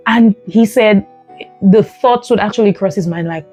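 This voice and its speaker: A woman hosting her own podcast, telling a personal story in an animated, emphatic way, often breaking into laughter. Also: medium pitch, moderate pace, husky, faint music behind. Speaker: podcast host.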